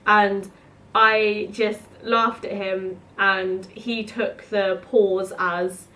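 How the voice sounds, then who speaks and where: A woman's voice: mid-range voice, flat delivery, drawn-out words, sharp tone, slight background noise. Chatty woman in her twenties. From South East London. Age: 20s. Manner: chatty, rambling, lots of "like". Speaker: student vlogger. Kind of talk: casual storytelling to camera.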